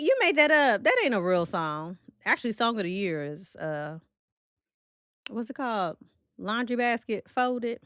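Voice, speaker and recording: A woman's voice: medium pitch, fairly bright tone, smooth, no room sound, studio quality. A woman with a Midwestern country accent hosting a casual livestream, chatty and playful as she reacts to viewer comments. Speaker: livestream host.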